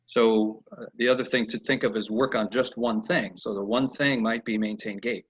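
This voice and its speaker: A man teaching a horse training lesson over a video call, telling animated stories and acting out the horses' replies. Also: medium pitch, moderate pace, breathy edge. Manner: animated storyteller who acts out horses' replies. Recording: dull lo-fi video call audio.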